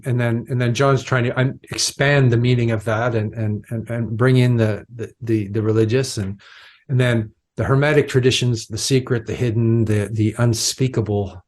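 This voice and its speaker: A man co-hosting a podcast, talking through ideas in a reflective, halting way with many restarts. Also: mid-range voice, darkish tone. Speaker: podcast co-host. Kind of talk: casual philosophical conversation.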